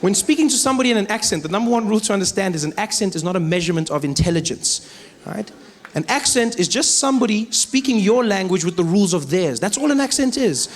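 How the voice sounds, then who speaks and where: A South African man performing stand-up comedy, telling stories with lively accent impressions, on a theatre stage with a stage microphone. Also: high-pitched, fast talker, hardly any pauses. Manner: animated storytelling with frequent accent impressions. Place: large theatre stage before a live audience.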